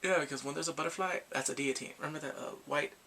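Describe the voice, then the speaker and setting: Gravelly, bright-voiced excited man. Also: a little high, quick pace, a little hiss or hum. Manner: animated, emotional, acts out the characters' lines. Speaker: drama reviewer. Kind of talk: excited casual plot recap.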